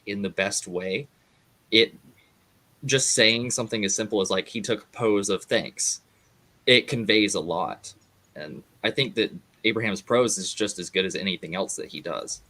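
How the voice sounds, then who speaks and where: A man's voice: low voice, sharp tone. A man as a guest in a casual book discussion, speaking earnestly with many fillers.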